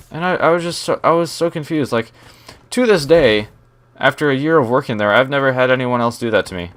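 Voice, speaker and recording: A man's voice: mid-range voice, brisk. A young man telling a rambling work story while playing a shooter game, often breaking off to react to the match. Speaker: gaming storyteller. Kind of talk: story time over gameplay commentary.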